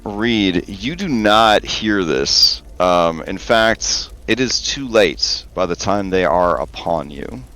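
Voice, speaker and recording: Slow-talking low-voiced game master. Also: male voice. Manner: relaxed, hesitant, lots of ums. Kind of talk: narrating a tabletop game.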